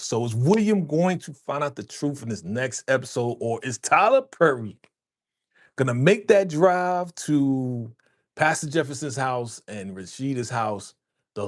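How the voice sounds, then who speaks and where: A man chatting on a live stream in a loose, slangy way, addressing his viewers as fam and repeating phrases. His voice sits at an ordinary middle pitch for a man and is picked up close on a podcast microphone. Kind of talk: casual live-stream chat. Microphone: podcast dynamic microphone.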